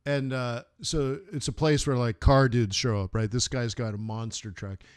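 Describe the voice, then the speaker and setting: A man's voice: mid-range voice, fairly even intonation, normal speed, clean tone, no room sound, clean studio sound. Chatty man telling car stories. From United States. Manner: rambling storyteller, laughs at his own anecdotes. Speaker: forex trading stream host. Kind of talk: casual live-stream chat.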